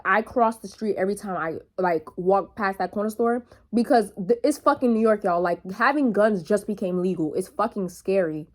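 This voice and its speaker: A young woman vlogging to camera in a casual monologue, blunt and full of swearing, calling her viewers y'all. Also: medium pitch.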